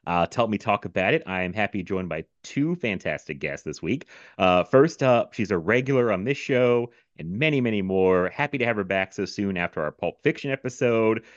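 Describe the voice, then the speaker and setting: A low-voiced man hosts a podcast over a video call, chatting casually, rambling and laughing often. The sound is dry and a little muffled. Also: expressive, a little fast, hardly any pauses, dry recording. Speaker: podcast host. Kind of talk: casual chat.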